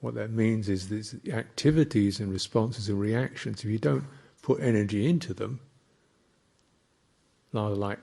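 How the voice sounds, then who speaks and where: Monk giving a dharma talk, slow and reflective, kinda gravelly, lowish voice. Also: male voice, mellow. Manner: slow, reflective, with thoughtful pauses. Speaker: Buddhist monk teacher.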